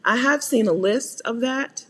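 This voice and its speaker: A woman's voice: on the high side, unhurried, in a large hall, a little hiss or hum. An American woman hosting a live Q&A, chatting casually, laughing often and greeting viewers by name. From United States. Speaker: host answering viewer questions. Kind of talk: live Q&A chat.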